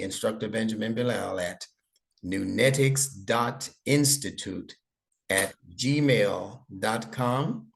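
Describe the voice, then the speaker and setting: A man's voice: on the low side, creaky. A middle-aged man giving a one-on-one online lesson to a child, patient and coaxing with playful teasing. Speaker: instructor.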